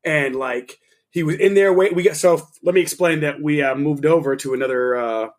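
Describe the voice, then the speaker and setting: Man, young adult, podcast co-host, slightly high voice, loose and profane, quick reactions. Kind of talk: casual storytelling chat.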